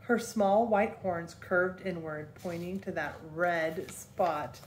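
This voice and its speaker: A woman's voice: on the low side, slow pace, roomy sound, a little hiss or hum. Grandmother reading a storybook aloud. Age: older. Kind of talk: reading a children's book aloud.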